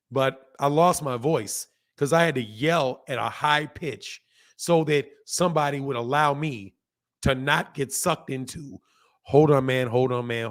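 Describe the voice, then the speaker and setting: A man with a hoarse voice hosting a casual boxing livestream, talking straight to viewers, repeating points and reading out chat comments. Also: mid-range voice, a bit bright. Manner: talks straight to viewers, repeats himself for emphasis. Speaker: boxing channel host.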